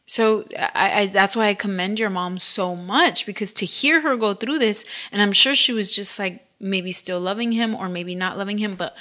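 A woman's voice: medium pitch, normal speed, hardly any pauses, pushed and bright. A woman co-hosting a podcast in casual chat, empathetic and emphatic, full of "like" and "you know". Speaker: podcast co-host.

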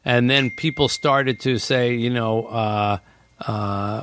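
A man's voice: medium pitch, steady tone, slow pace, a bit bright, no echo. A man hosting a casual talk, explaining ideas and acting out what people say. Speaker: host. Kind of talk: casual podcast chat.

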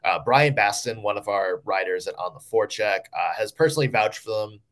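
Low-voiced jokey man co-hosting a podcast. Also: brisk, fairly bright tone. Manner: jokey, chatty, many fillers. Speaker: podcast co-host. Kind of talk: casual sports podcast chat.

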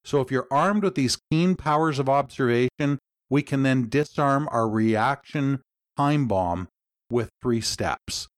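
A man of ordinary pitch co-hosts a podcast, walking listeners through advice in a measured, coaching way. His voice sounds close and dry, with no room echo. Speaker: co-host.

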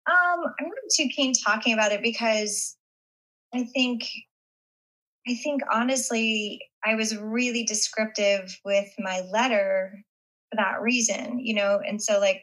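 Middle-aged actress guest; bright, hesitant, reflective interview voice. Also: female voice, fairly high pitch, steady tone, slow, rough recording. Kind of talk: interview conversation.

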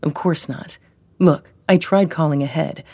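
Woman doing a smug pushy ex-boyfriend, glib, low-key, dry close recording. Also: a little slow, mellow, slightly rough, dry recording, exaggerated voice. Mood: pleading. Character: male ex-boyfriend, smug, pushy, self-justifying. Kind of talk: audiobook character reading.

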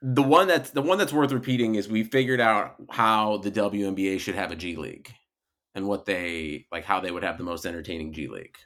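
A man's voice: on the low side, fairly quick, a bit bright. A man co-hosting a podcast, rambling and joking in casual banter. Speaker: podcast co-host.

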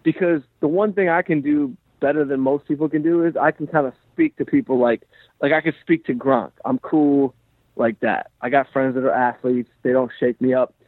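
A male comedian and podcast host telling a story in a rambling, animated way, full of "like" and "you know". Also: medium pitch, normal speed, no room sound. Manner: rambling, animated, heavy use of "like". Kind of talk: casual storytelling chat. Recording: dry tinny phone-like sound.

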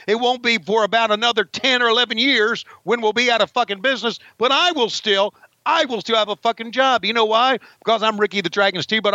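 A man's voice: extremely high pitch, bright, forceful tone, no room sound, dull audio, pitched above the performer's own voice, heavily acted. A man putting on the voice of a frustrated veteran wrestler, rambling and swearing in a mock-angry rant. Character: frustrated veteran male wrestler ranting backstage.

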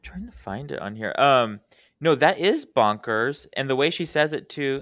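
A man's voice: medium pitch, expressive, normal speed, a bit bright, no room sound. A young man guesting on a podcast, chatting casually and animatedly, laughing easily. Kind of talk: casual chat.

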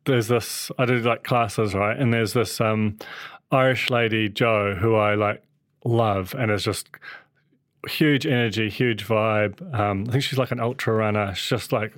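A man's voice: on the low side, steady tone, measured pace, a bit bright, no room sound, clean studio sound. A young man co-hosting a casual podcast chat, hesitant and full of fillers and restarts. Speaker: podcast co-host.

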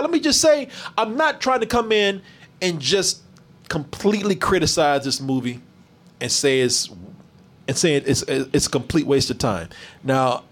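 A man reviewing a movie in casual chat with a live stream, animated and profane, mocking bad lines. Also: a little high.

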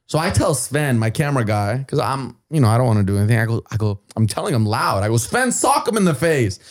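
A man's voice: medium pitch, fast. A man guesting on a podcast, telling a story in a casual, profane way and acting out what other people said. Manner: animated, acts out other people's lines; profane, blunt.

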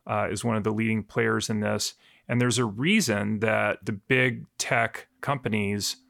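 Male reporter, gravelly voice, dry close sound, easy explanatory delivery. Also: fairly low pitch, no room sound. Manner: relaxed, explanatory, joking. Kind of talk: conversational news podcast.

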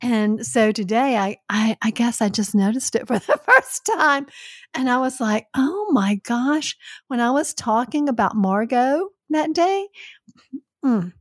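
A woman with a Southern US accent, co-hosting a podcast with her son, talking slowly in a relaxed, laid-back way. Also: a little high, dry recording, clean studio sound. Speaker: podcast co-host, host's mother. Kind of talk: casual chat.

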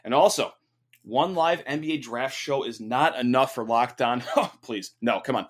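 A young man hosting a sports podcast, talking casually with energy and plenty of fillers. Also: mid-range voice. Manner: energetic, chatty, lots of fillers. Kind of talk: casual podcast talk with ad read.

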